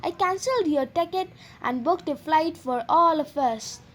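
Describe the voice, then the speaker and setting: A woman's voice: sits high, moderate pace, fairly bright tone. Woman doing a smug scheming male mouse. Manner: smug, teasing.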